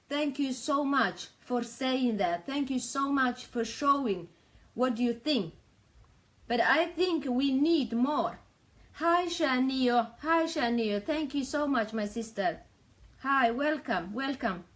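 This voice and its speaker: High-voiced, impassioned woman. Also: lively intonation, takes it slowly. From Somalia. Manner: pleading, earnest, repeats herself, non-native grammar. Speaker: live-stream commentator. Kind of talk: impassioned live-stream commentary.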